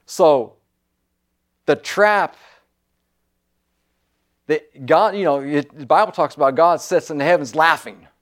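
A man preaching a sermon with fervent, repetitive exhortation, swinging between loud declarations and low, quiet asides. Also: slow pace, long pauses.

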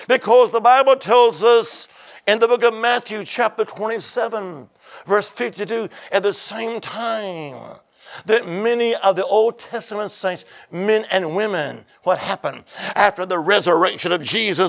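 Gravelly high-voiced man preaching. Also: normal speed. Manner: call-and-response preaching, swinging from hushed to shouted. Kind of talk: rousing sermon.

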